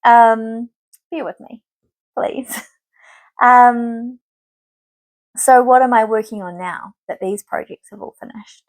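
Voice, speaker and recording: A woman's voice: fairly high pitch, slow pace, pauses often, no room sound. A woman in her thirties hosting a knitting podcast, chatting casually and rambling with many filler words. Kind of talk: casual chat to camera.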